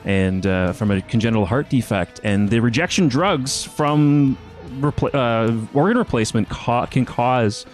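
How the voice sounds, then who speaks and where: A man's voice: mid-range voice, unhurried, few pauses, soft background music. A man with a Canadian accent hosting a casual webcast interview, loose and joking, swearing freely. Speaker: webcast host.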